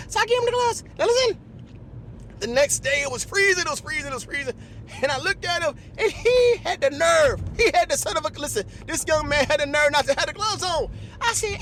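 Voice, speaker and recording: A man hosting a podcast, telling comic stories in an animated, repetitive way. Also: very high-pitched, fast. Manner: animated, repetitive, lots of "listen" and "you know what I'm saying". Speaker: podcast host. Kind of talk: comedic storytelling monologue.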